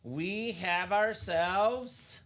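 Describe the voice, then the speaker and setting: A man's voice: high voice, extremely slow, fairly bright tone, slight background noise. A man hosting a live card break, chatting enthusiastically about football players and hits. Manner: enthusiastic, chatty sports banter. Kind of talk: upbeat live stream commentary.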